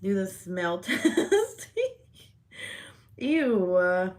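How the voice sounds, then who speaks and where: A woman's voice: medium pitch, unhurried, a bit bright. Giggly woman chatting on a livestream. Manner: giggly, laughs often, swears freely. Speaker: livestream host. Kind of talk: casual live-stream chat.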